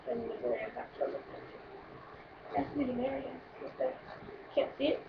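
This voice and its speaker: A young woman vlogger telling a long road-trip story in a rambling, excitable way, swearing freely. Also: high-pitched, moderate pace, distant mic, dull audio, noisy background. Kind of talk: casual storytelling vlog.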